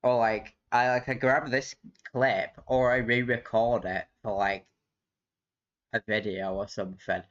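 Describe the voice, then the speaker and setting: A man's voice: mid-range voice, level tone, measured pace, a bit bright. A man hosting a live stream, rambling in casual chat, laughing often and swearing freely. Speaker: livestream host. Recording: dull lo-fi stream audio.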